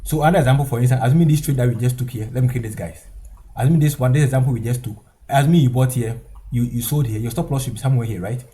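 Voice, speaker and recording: Brisk, emphatic male trading instructor. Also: medium pitch, mellow. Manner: repetitive, emphatic, tags lines with "okay?" and "guys". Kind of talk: screen-share trading tutorial.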